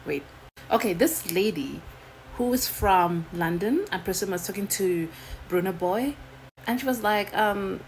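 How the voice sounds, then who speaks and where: A woman giving casual, animated reaction commentary with exasperated asides. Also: mid-range voice, unhurried, slight background noise, rough recording. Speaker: reaction video creator.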